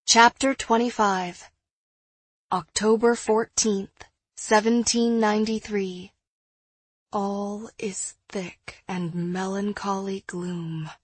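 Slow, breathy woman narrating an audiobook. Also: medium pitch, steady tone, no room sound. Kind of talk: first-person audiobook narration.

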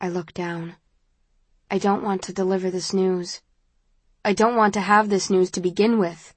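A woman narrating an audiobook in the first person, measured and intimate. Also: medium pitch, steady tone, slightly rough, dry recording.

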